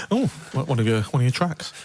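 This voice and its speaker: A man's voice: medium pitch, a little hiss or hum. A man co-hosting a music podcast, teasing his co-host and laughing often. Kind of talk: casual chat.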